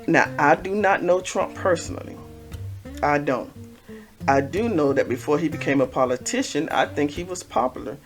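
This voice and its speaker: A man talking casually to camera, giving repetitive, gently preachy life advice as a vlogger. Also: on the high side, lively intonation, moderate pace, soft background music.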